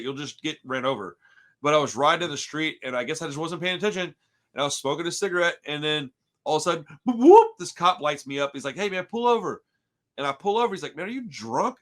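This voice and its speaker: A man's voice: fairly high pitch, bright, forceful tone. A man from Houston in his thirties hosting a casual podcast chat, telling rambling stories full of dude, bro and swearing. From Houston, Texas. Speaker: podcast host.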